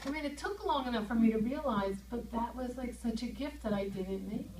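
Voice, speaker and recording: A woman giving a lively talk to a group and asking them questions as she goes. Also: on the high side, brisk, over a noisy crowd. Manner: lively, asks the audience questions. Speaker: speaker leading a group session. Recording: echoey room, mic far off.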